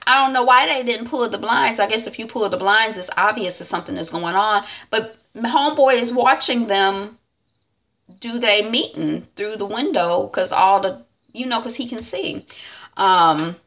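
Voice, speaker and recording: Bright, chatty woman recapping a TV episode. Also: medium pitch, normal speed. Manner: chatty, retells scenes by acting out the characters' lines; loose, slangy, with many "um"s and "like"s. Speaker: TV recap vlogger.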